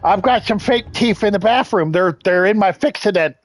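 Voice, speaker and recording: A man's voice: high voice, moderate pace, voice pushed up. A man putting on a cranky 86-year-old geezer. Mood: bossy. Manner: bossy, barking orders.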